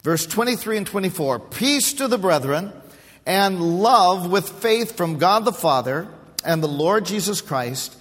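A man with a notably high voice preaches from the pulpit into a microphone. He explains scripture and poses questions to his congregation. The sound carries a long reverb from a large church hall. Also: animated, measured pace, fairly bright tone. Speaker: pastor. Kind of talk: sermon. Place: church sanctuary.

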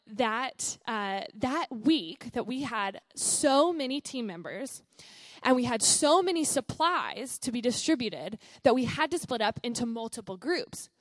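A woman's voice: on the high side, no room sound. A young woman, a missionary sharing her testimony at a church service in an earnest, chatty way full of fillers.

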